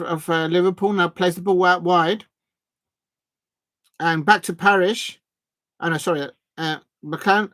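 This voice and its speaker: A man's voice: high-pitched, measured pace, pauses often, a bit bright, dry recording. Hesitant man hosting a fan watch-along. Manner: hesitant, many fillers and restarts; chatty, reads out and thanks viewers. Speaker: fan stream host.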